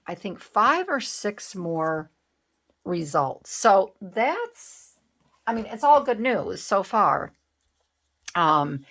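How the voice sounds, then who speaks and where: Middle-aged woman, slightly low voice, chatty craft vlogger who rambles and restarts. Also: a bit bright. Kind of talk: casual chat while crafting.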